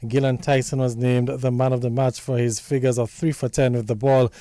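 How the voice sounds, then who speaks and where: A man presenting a radio sports report in a measured, formal read. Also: medium pitch, flat delivery, dark tone, no echo. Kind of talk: scripted news reading.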